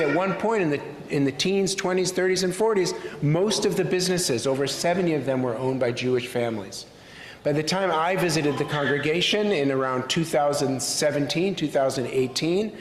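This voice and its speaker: A male rabbi speaking to a congregation in a synagogue sanctuary. He tells stories thoughtfully, with frequent pauses. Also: on the high side. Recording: echoey hall with faint room noise.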